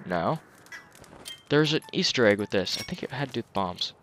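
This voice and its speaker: A man's voice: on the low side, animated, normal speed, fairly bright tone, slight background noise. Chatty young man doing game commentary. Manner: casual, joking, chatty. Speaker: let's play commentator.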